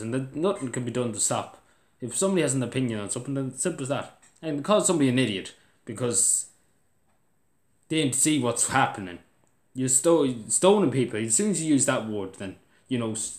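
A man's voice: medium pitch, echoey room. A young Irish man venting in a casual vlog, tired and restless, who keeps restarting his sentences and climbs into exasperated outbursts. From Ireland. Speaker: vlogger.

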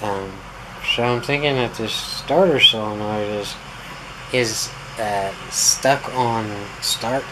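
A man's voice: on the low side, slow pace. A man, a pool instructor, talking in a casual, rambling vlog with wry, self-mocking asides. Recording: air-conditioner hum behind.

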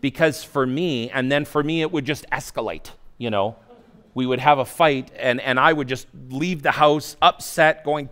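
A man's voice: on the high side, moderate pace, clear, resonant tone. Man in his forties preaching a story. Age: 40s. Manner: storytelling, acting out his own inner voice, swings from quiet to loud. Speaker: pastor. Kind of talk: sermon. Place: church.

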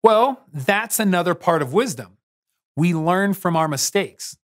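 A man's voice: high-pitched, animated, unhurried, a bit bright. A man hosting a children's church lesson as a playful, teasing quizmaster. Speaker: children's church game host. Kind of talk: lively kids' lesson game show.

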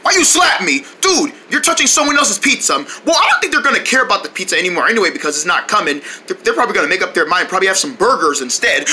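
Wildly animated, bright cartoon voice. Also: mid-range voice, quick pace, hardly any pauses, a little hiss or hum. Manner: switches voices, excitable outbursts and shouting. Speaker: cartoon creator voicing every character. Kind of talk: comedic cartoon voice acting with parody ads.

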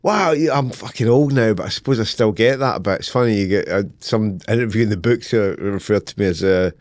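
A man's voice: on the low side, fairly quick, no room sound, clean studio sound. A Scottish man in his fifties, a guest author in casual interview chat, who laughs often and swears freely. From Scotland. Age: 50s.

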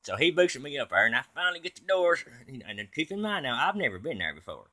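A man's voice: a little high, very animated, quick pace, sharp tone. A man telling a comic tall tale in a folksy, rambling way. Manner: folksy, tall-tale telling, quotes others in his own voice. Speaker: comedic storyteller. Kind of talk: comedic monologue.

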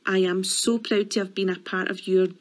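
A woman teacher speaks at a middle pitch in a warm, steady, proud tone. She gives a measured farewell to her leaving class, each line clear and heartfelt. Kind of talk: farewell speech to leaving pupils.

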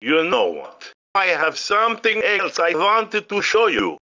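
A man playing a cheeky cartoon sidekick who nags and pleads in a high, bouncy voice. The tone is bright and lively, heard through dull lo-fi audio. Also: measured pace, exaggerated voice. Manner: pleading, nagging, springy intonation. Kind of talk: fan-made text-to-speech cartoon.

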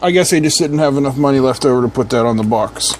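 A man hosts an electronics teardown, giving casual hands-on commentary with wry, sarcastic asides and little hums. He talks fast at a medium pitch, and the recording has a little hiss or hum.

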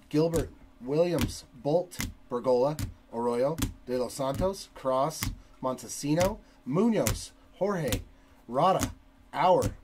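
A man hosting a trading card break, reading long lists of player names in a steady cadence. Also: a little high, noisy background.

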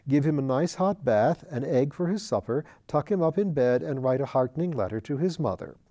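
A man reading a novel written as letters aloud, in a measured, unhurried way. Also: medium pitch, lively intonation, warm tone. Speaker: audiobook reader.

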